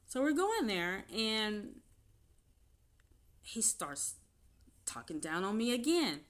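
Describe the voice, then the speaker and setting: A woman vlogger telling her own story off the cuff, candid and halting, turning animated as she retells events. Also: mid-range voice. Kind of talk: unscripted personal storytelling.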